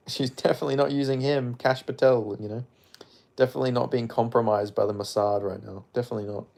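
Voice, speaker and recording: A man's voice: mid-range voice, steady tone, fast, creaky, a little mellow. Australian man, casual live-stream chat, rambling, jokey, swears, mumbled asides. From Perth, Western Australia.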